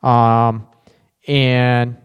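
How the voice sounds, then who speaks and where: Male live-stream host, candid and chatty, average pitch, reverberant sound. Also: flat delivery, very slow, clean tone, highs cut off. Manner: candid, frank, chatty with frequent restarts. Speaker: relationship talk show host. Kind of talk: live-stream chat reading viewer comments.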